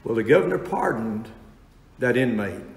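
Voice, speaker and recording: A male pastor preaching in a roomy church hall, his voice carrying a long reverb tail. He tells stories in a folksy, halting way, full of restarts and fillers. When he reads scripture his delivery lifts into emphatic preaching. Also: medium pitch, animated. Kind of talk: sermon.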